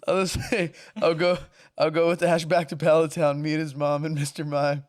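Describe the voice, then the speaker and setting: A man's voice: fairly high pitch, little pitch movement, normal speed. A man co-hosting a podcast, chatting casually, laughing often and swearing while he jokes. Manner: laughs often, joking and profane. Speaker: podcast co-host. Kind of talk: casual chat.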